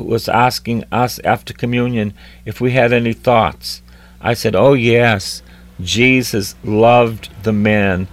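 Slow, deliberate preacher man. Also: creaky, dry recording. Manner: slow and deliberate, repeats phrases for emphasis; acts out voices in scripture, crying out high and loud. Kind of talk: sermon.

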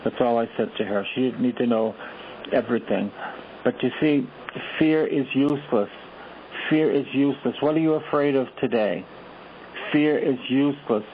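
A man preaches a sermon as a priest, driving points home with repeated lines and direct questions to the listener. His voice sits at a middling pitch. The sound is thin and phone-like, as if broadcast over radio, with a faint hiss underneath. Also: moderate pace. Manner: repetitive exhortations, rhetorical questions.

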